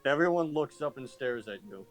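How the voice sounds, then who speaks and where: A man running a tabletop game as its game master, at a middling pitch. He narrates in halting bursts, restarting and repeating phrases. Faint music plays behind him. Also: animated, no echo, poor audio.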